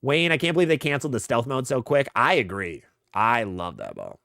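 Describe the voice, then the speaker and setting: A man's voice: mid-range voice, very animated, brisk, creaky, fairly bright tone, dry recording, clean studio sound. A man hosting a live bowling Q&A, giving casual gear advice in answer to viewer questions. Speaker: bowling channel host. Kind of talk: live stream Q&A, answering chat.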